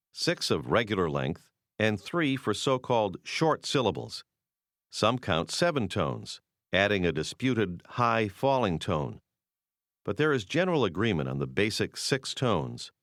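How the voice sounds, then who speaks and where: A man narrating a scripted language course in a measured, explanatory way, close to the mic. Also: fairly low pitch, fairly bright tone, no echo.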